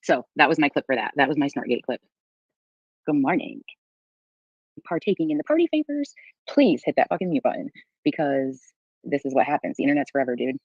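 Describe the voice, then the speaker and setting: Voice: mid-range voice, big pitch swings, fairly quick, pauses often, husky, no room sound, lo-fi sound. A streamer commenting sardonically on played clips and thanking viewers in casual livestream talk. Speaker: livestream co-host.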